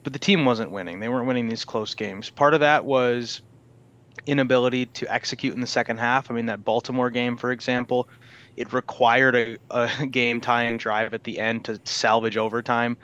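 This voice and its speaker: Man, sports podcast co-host, smooth resonant voice, measured analysis, dull lo-fi mic. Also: mid-range voice, level tone, a bit bright. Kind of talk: casual sports chat.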